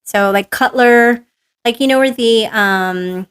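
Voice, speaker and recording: A woman, a podcast guest telling stories in casual chat, lively and full of fillers, acting out what people said. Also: a little high, takes it slowly, clean tone. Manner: animated storyteller, filler-heavy "like", acts out quotes.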